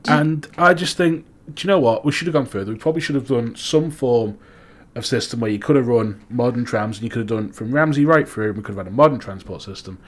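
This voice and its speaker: A young man with a Manx accent, co-hosting a casual chat podcast, who swears freely and gets animated when he rants. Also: medium pitch, fast. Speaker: podcast co-host.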